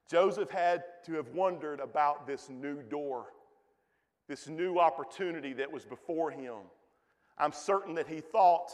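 A man's voice: fairly high pitch, moderate pace, big-room sound. A man, a pastor preaching a folksy, emphatic sermon in a church.

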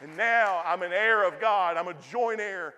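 A man in his forties preaching a sermon with passion, rising loud and dropping to a hush, often repeating his words. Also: high voice, normal speed, big-room sound, muffled recording, some chatter behind, a little hiss or hum. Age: 40s. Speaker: pastor.

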